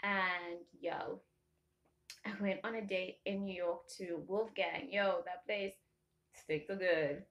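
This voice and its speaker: A young woman from Africa, chatting casually to camera and telling animated stories full of tangents and laughter. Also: medium pitch, slow. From South Africa. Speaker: vlogger.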